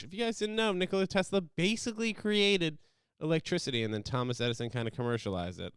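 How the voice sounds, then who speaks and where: Speaking fast with a fairly high, clear, resonant voice, a young American podcast host rambles from topic to topic on his own show, slipping into loud silly voices. The recording is dry and the studio sound clean.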